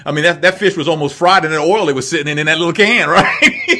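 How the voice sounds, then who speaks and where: A man's voice: on the high side, quick pace. A middle-aged man from the American Midwest, co-hosting a casual chat and telling stories with lots of laughter. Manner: animated storyteller, laughs often. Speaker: podcast co-host.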